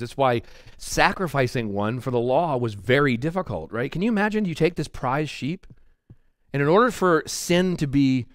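A man's voice: mid-range voice, dry recording. Middle-aged guy preaching, chatty, keeps saying right, dry close sound. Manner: conversational, animated preaching with frequent "right?" asides. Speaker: pastor. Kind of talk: expository sermon. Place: church sanctuary.

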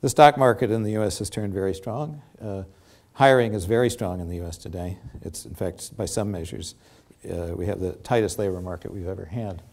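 An older man giving an academic lecture with slides, halting often and filling pauses with many ums and restarts. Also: sits low, a little mellow. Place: lecture theatre.

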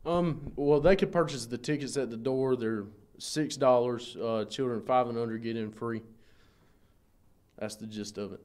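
A man's voice: medium pitch, normal speed, darkish tone. A man, a pro wrestler, giving plain, laid-back answers in a casual local TV interview. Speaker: pro wrestler promoting a show.

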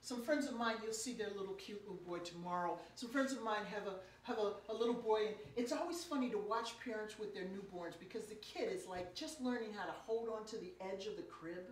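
A woman preacher giving a storytelling lecture, animated and playful with her audience. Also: mid-range voice, fairly quick, hardly any pauses, a little hiss or hum. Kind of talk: sermon-style storytelling lecture. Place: lecture room. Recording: echoey room, picked up from a distance.

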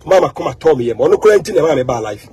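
A Ghanaian man with a high, very husky voice delivers an animated monologue to his viewers. He talks emphatically, hammers words over and over and drops English phrases into his speech. The rasp never leaves his voice. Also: quick pace. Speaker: social media commentator.

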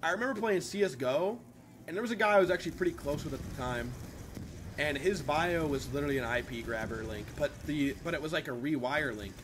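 A man's voice: a little high, fast talker, background noise. A young man streaming live, chatting casually and profanely with his viewers. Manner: profane, animated, talks to chat.

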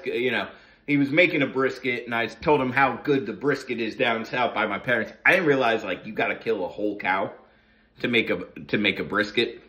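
A man's voice: medium pitch, sharp tone. A middle-aged man from New Jersey, hosting a casual morning monologue full of profane, sarcastic rants. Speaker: host of a morning talk session.

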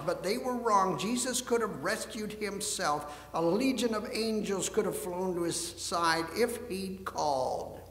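High-voiced pastor in an echoing church. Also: male voice, unhurried, few pauses. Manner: expressive storyteller, shifts between hush and emphasis. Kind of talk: storybook reading and sermon. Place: church sanctuary. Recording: echoey church hall.

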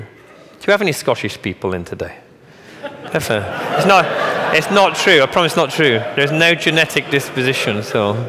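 A man giving a motivational keynote speech on stage, punchy and emphatic, with joking asides and rhetorical questions. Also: medium pitch. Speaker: keynote speaker. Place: large conference hall. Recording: long hall reverb.

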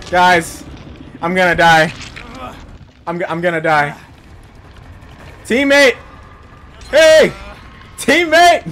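A man giving let's play commentary, panicky and talking to himself, yelping and shouting for help. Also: sits high. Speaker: gaming video creator.

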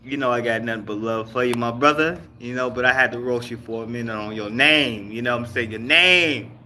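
A man's voice: mid-range voice, a little fast, sharp tone, a little hiss or hum. Profane, teasing man hosting a livestream. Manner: loose, profane, teasing banter with chat. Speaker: livestream host. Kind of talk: casual livestream chat.

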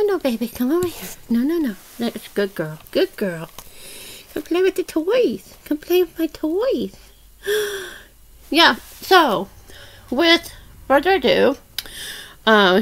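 A woman's voice: fairly high pitch, gravelly, a little hiss or hum. A woman hosting a doll play vlog, cooing to a kitten in a sing-song voice. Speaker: doll channel host.

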